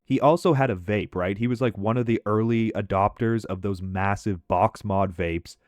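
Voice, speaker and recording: A man's voice: lowish voice, moderate pace, few pauses, darkish tone, no room sound. A man casually telling a story over gameplay commentary, chatty and loose, often laughing and tagging lines with "right?".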